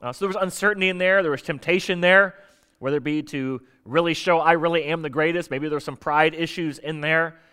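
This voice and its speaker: A man delivers a sermon in a loose, conversational way, with a slightly higher voice than most men. He keeps it casual and animated and slips into little voices to act out dialogue. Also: brisk, clean tone. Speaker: pastor.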